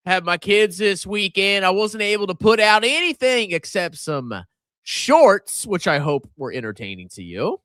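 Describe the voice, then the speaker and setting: A man's voice: sits high, very animated, a little slow, a bit bright, no echo, clean studio sound. A middle-aged man hosting a casual livestream, joking and sarcastic, with theatrical swings in his voice. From Virginia coast, USA. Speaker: livestream host.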